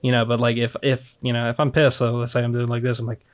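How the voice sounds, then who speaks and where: Male co-host, casual and quick, animated, mid-pitched. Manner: fast-talking, animated, swearing freely. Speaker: podcast co-host. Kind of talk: casual chat.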